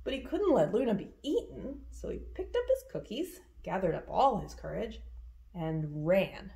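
A woman hosting a virtual storytime, reading a children's picture book aloud with expressive, animated narration. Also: mid-range voice, moderate pace, gravelly. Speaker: storytime reader.

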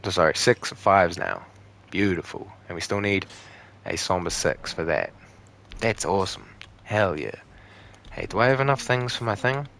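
A man's voice: deep voice, animated, moderate pace, vocal fry, pauses often, a bit bright, slight background noise. A young man giving joking, profane commentary while playing a game, talking back to the enemies on screen. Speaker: gaming channel host. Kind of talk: let's play commentary.

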